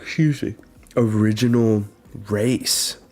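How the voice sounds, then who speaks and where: A man's voice: on the low side, steady tone, slow, a little mellow. A man hosting a live reaction, reading a comic aloud and thinking aloud between pages with dismayed sighs. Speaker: manga reaction host.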